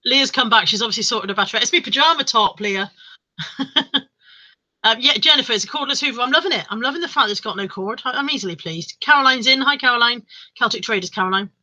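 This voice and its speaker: Woman, livestream host, chatty, jokey, bright tone. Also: a little high, fast, rough recording. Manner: chatty, jokey, laughs often. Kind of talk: casual chat reading out live comments.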